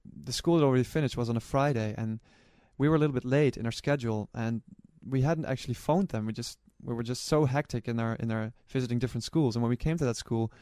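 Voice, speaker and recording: A man's voice: mid-range voice, fast, hardly any pauses, dark tone, clear, resonant tone, no echo, clean studio sound. A man, a relay runner and organizer, recalls his experiences in an earnest storytelling way, often restarting his sentences. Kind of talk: personal recollection to camera.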